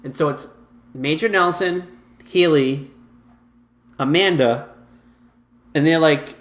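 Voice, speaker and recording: A man's voice: a little high, takes it slowly, a bit bright. A young man co-hosting a podcast, rambling casually through an episode recap with lots of "like" and the odd swear. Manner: rambling, heavy on "like", laughs, swears. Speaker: podcast co-host. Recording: echoey room.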